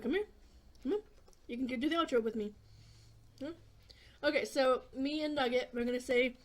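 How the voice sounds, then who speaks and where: A woman with a fairly high voice, chatting through an eating vlog. She rambles and talks offhand, with plenty of fillers and some casual swearing. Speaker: vlogger.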